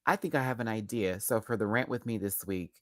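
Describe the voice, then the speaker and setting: A man's voice: lowish voice, a little fast, no echo, studio quality. A young man giving a casual live-stream review of a reality show, sassy and chatty with camp slang, talking while doing his makeup.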